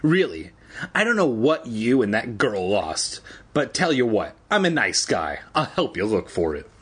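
A man voicing a big, smug teenage bully who mocks in a raised, husky voice. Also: mid-range voice, big pitch swings, unhurried, fairly bright tone, full character voice. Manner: mocking, smug.

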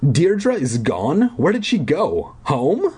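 A man reading aloud and voicing an anxious, insistent girl at summer camp, urgent and pleading, with a husky voice. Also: on the high side, huge pitch swings, slow pace, dark tone, pitched above the performer's own voice, full character voice.

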